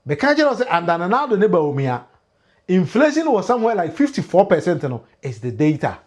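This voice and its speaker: A Ghanaian man with a fairly high voice hosts a political livestream in a loose, animated style. He switches between Twi and pidgin English, and his pitch jumps up when he stresses a point. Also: a little fast. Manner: mixes Twi and pidgin English, laughs often, emphatic rises.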